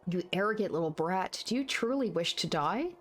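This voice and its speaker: A woman's voice: lowish voice, animated, brisk, close to an everyday voice. A woman voicing an arrogant, scheming teenage boy leader with a haughty, menacing tone.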